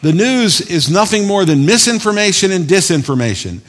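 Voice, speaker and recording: A man preaching a sermon as pastor, swinging from loud emphatic bursts to quiet asides. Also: high voice, big pitch swings, moderate pace. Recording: long hall reverb.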